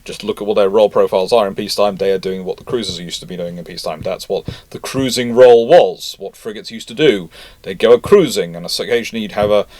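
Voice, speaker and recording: A man's voice: lowish voice, darkish tone, dry recording. A man hosting a history channel, chatting casually and correcting himself as he reads out viewer comments. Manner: rambling, self-correcting, chatty.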